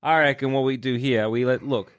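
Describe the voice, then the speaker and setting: A man's voice: medium pitch, fairly even intonation, brisk. An Australian man co-hosting a casual comedy podcast, spinning playful silly scenarios. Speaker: podcast co-host.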